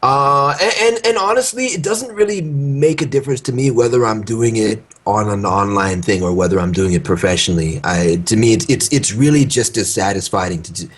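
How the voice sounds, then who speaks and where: A man's voice: on the low side, fairly quick, few pauses, slightly rough. A man, a voice director, chatting casually and hesitantly, restarting his sentences often. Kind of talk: casual chat.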